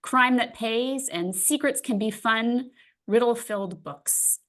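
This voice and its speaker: A woman's voice: fairly high pitch, takes it slowly. A woman interviewing an author in a friendly, casual way. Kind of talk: casual conversation.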